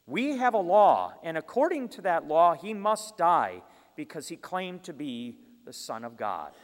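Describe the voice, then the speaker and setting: A man reading the shouted demands of an angry, accusing crowd. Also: on the high side, sing-song, slow pace, full character voice. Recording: long hall reverb.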